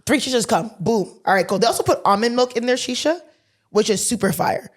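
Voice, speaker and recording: Woman, podcast co-host, higher voice, animated storyteller who acts out dialogue and swears casually. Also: fairly quick. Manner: animated, swears freely, laughs mid-sentence.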